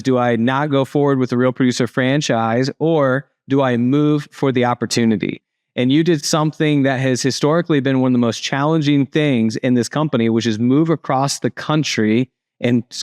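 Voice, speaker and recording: A man's voice: medium pitch, darkish tone, no echo. An upbeat man hosting an interview podcast, his voice sitting in a middle range. He talks in a chatty, friendly way and often restarts mid-sentence. The sound is dry and close to the mic. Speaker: podcast host.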